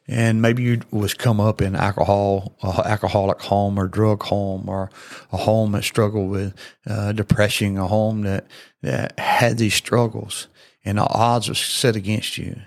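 A man's voice: on the low side, gravelly, no echo, studio quality. A man, hosting a podcast and preaching in an earnest, folksy, repetitive way with many fillers. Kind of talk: sermon-style podcast talk.

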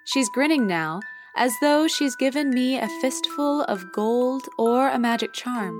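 A woman reading a first-person short story aloud in a gentle, expressive way, voicing an adult narrator. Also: high-pitched, a little slow, few pauses, music in the background. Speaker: story reader.

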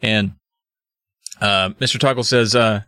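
A man's voice: on the low side, measured pace, smooth, no echo. A man recapping a spooky kids' book with jokes, acting out the characters as he goes. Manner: animated, acts out voices mid-story. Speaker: podcast co-host.

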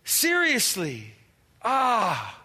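A man's voice: sits high, huge pitch swings, drawn-out words, pushed and bright, husky, exaggerated voice. A man acting as an anxious, overwhelmed churchgoer who pleads with God, exasperated and stammering as he talks. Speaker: actor in skit. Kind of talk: church drama monologue. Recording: reverberant hall.

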